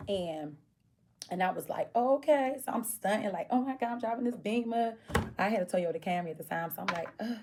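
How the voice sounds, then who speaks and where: A woman vlogger tells a personal story in a casual way, acting out the people she quotes. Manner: animated, acts out quoted voices with big pitch jumps.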